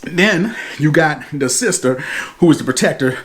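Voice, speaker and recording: A man giving a casual, animated movie review, retelling the plot with slang. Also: a little high, moderate pace, a little hiss or hum. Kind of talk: casual spoken film review.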